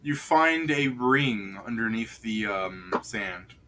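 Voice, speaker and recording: A man's voice: lowish voice, animated, takes it slowly, sharp tone, slight background noise. Joking man running a tabletop game. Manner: laughs often, joking. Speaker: game master.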